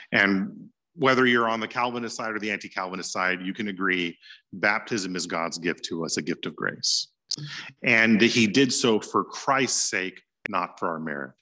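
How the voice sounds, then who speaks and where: A man teaches church history in a loose, conversational way, chuckling now and then. His voice sits a little low but sounds bright and forceful. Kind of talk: informal lecture.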